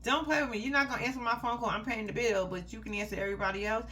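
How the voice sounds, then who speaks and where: A woman's voice: on the high side, steady tone, rapid-fire, bright, forceful tone, slight background noise. A woman giving casual commentary on a reality show, blunt, heated and full of profanity, and talking straight to her viewers. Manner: addresses viewers directly as "y'all".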